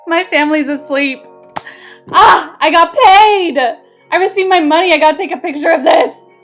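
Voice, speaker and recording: A young woman streaming a game at home, chatting casually and excitably with her viewers, breaking into squeals of joy. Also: extremely high pitch, normal speed, soft background music. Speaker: gaming streamer. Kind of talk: casual live-stream chat. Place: home, moving to kitchen.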